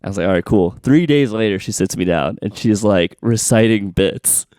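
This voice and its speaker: A man's voice: on the low side, moderate pace, no room sound, clean studio sound. A man, a comedian, chatting on a podcast, telling stories with acted-out quotes and frequent laughs. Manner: animated storyteller, acts out quotes, laughs often. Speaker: comedian guest. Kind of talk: casual chat. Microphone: studio mic.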